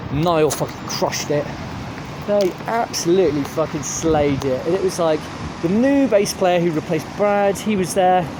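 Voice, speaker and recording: A young man giving a sweary, animated gig review while out on a street, laughing as he tells it. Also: high-pitched. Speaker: music reviewer. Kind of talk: casual ranting gig review. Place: outdoors on a street. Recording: street traffic noise behind. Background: traffic and street ambience.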